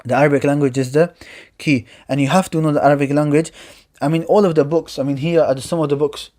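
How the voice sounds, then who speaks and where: Man teaching Arabic grammar, fairly high voice. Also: fairly even intonation, a little mellow. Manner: explains step by step, reciting Arabic verse quickly between English explanations. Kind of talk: classroom lecture.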